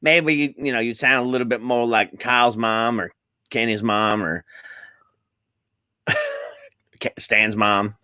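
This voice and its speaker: A man's voice: mid-range voice, steady tone, slow pace, pauses often, clean tone, no room sound, studio quality. A man co-hosting a casual podcast chat, swearing and joking, with family roots in Ohio. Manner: swearing, joking, does loud voices of relatives. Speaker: podcast co-host.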